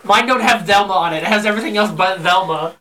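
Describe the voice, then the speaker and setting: Bright-voiced woman with loud, blunt outbursts. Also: medium pitch, fast talker. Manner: loud outbursts, swearing, storytelling. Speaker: podcast co-host. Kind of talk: casual chat.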